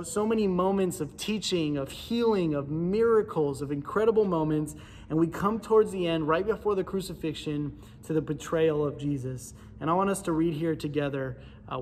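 A man preaching a sermon in a church, with a casual, animated storytelling manner. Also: on the high side, in a large hall, a little hiss or hum. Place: church sanctuary.

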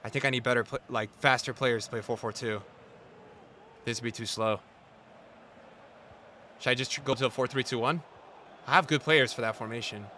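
A man streaming a football video game, talking to his chat in slangy, repetitive commentary that jumps from shouting at the referee to low muttering. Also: fairly even intonation, a little fast, long pauses, a little hiss or hum. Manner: swings between shouted outbursts and low muttering; slangy, repeats himself. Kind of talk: live gameplay commentary.

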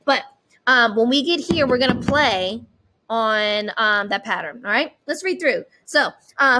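A woman teaching an online music lesson. She chants rhythm syllables and talks students through them in an encouraging way. Her voice is high, with a faint hiss underneath. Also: lively intonation, a little slow, bright, forceful tone. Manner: encouraging, checks in with okay.

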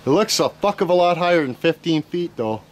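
Casting: young man, high voice, crude and profane, cheerful banter while filming outside. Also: animated, brisk, a little hiss or hum. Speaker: vlogger filming friends. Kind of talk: casual outdoor banter. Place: outdoors at a house. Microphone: handheld camera.

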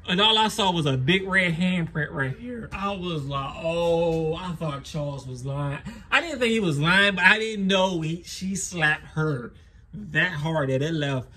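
A man's voice: sits high, a little slow, sharp tone, slight background noise. A young man, telling a wild story and laughing as he acts out the quotes. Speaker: lawn care vlogger. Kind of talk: animated storytelling.

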